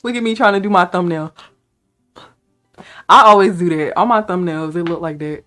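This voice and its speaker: A woman vlogger talking casually to camera in a playful, excitable way, hyping herself up. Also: lowish voice, moderate pace, faint music behind. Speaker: beauty vlogger.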